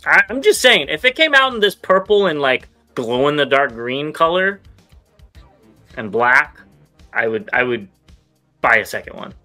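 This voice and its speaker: A man co-hosting a casual toy news show, running through items with quick, relaxed asides. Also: a little high, soft background music. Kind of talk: casual chat.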